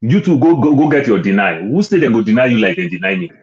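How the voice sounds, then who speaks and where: A man's voice: lowish voice, big pitch swings, fast talker, a little mellow, lo-fi sound. A Nigerian man in casual conversation, slipping into Pidgin and making his points with emphasis. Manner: mixes in Pidgin, emphatic and persuasive. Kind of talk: casual chat.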